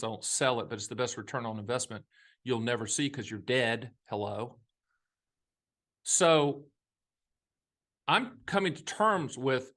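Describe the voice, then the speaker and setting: With a mid-range, slightly bright voice, this man in his fifties hosts a show as an annuity advisor, talking casually about retirement money. He's emphatic and folksy, cracks jokes on the side, and a Southern US accent slips in now and then.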